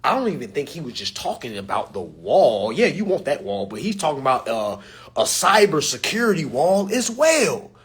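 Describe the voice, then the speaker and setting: Man, rowdy joking rant, swings his pitch all over, slangy, talks straight to viewers. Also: sing-song, normal speed, slightly rough. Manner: loud, joking, slangy, addresses viewers as y'all. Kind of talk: animated rant to camera.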